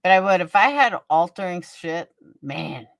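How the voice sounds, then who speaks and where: A woman's voice: on the low side, animated, moderate pace, gravelly, no room sound, lo-fi sound. A woman hosting a casual livestream, blunt and profane, gossiping and answering viewers by name. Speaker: livestream host. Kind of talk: casual livestream chat reading viewer comments.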